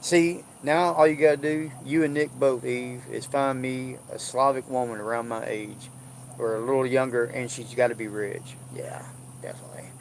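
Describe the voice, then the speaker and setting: A man's voice: mid-range voice, fairly even intonation, moderate pace, gravelly, slight background noise. Rambling jovial man. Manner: jovial, rambling, drawling storyteller. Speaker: vlogger. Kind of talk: casual rambling chat. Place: indoors at home.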